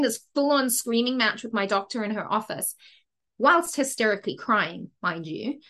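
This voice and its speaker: A woman's voice: on the high side, normal speed. Frank woman telling her story. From Zimbabwe. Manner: frank and lively, with frequent asides and "right?". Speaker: podcast guest. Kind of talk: candid personal storytelling.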